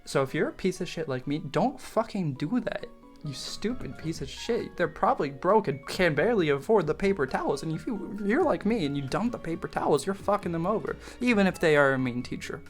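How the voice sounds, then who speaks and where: A man's voice: fairly high pitch, big pitch swings, brisk, faint music behind. A young man telling a story from his school days in a casual, rambling way, swearing freely, mocking himself and laughing often.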